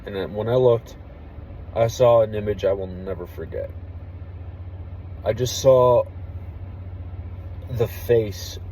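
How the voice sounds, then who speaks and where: A young man, an army veteran, tells a story in a low, mellow voice, candid and full of casual swearing. He lowers to a near hush when the story turns tense. Faint traffic noise from outside sits under his voice. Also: slow pace, long pauses, poor audio. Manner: candid, profane, drops to a hush for tense moments.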